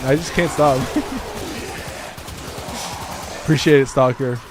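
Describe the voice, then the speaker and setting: A man's voice: fairly high pitch, normal speed, music in the background. A man streaming a game, talking casually with lots of fillers and restarts. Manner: rambling, full of fillers and restarts. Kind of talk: casual gameplay commentary.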